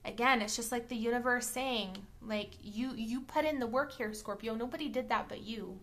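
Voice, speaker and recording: A woman's voice: on the high side, moderate pace, a bit bright. A woman giving a casual tarot card reading, chatty and blunt, who keeps checking in with "okay?" and "all right?". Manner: blunt, with the odd swear word. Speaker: tarot reader.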